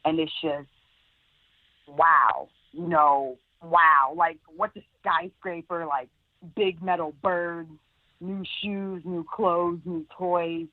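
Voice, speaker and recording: A woman's voice: fairly low pitch, fairly even intonation, slow pace, no room sound. A young woman in her twenties from Sierra Leone recounts her past to an interviewer, earnest and leaning on "like" and "really". Her voice comes through a thin, phone-like line. The sound is dry and close. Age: 20s. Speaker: guest. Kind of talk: personal storytelling interview.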